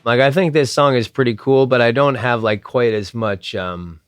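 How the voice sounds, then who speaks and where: A man's voice: mid-range voice, moderate pace, smooth. A man in his late thirties from New Jersey, a songwriter and band frontman, talking casually in an interview about making an album. He rambles with lots of fillers and makes sardonic asides.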